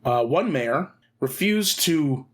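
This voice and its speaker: Halting man reading podcast news. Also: a little high, animated. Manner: halting, heavy on fillers.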